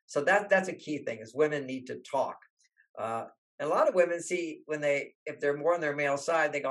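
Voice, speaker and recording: A man's voice: mid-range voice, quick pace. An older man, a relationship author, telling stories in an interview and acting out the people he quotes. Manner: animated, acts out quoted voices. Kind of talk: storytelling interview talk.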